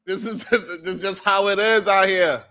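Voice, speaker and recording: A man's voice: sits high, steady tone, normal speed, sharp tone. A man hosting a live-stream show, chatting casually with viewers in a loose, profane, joking way and laughing often.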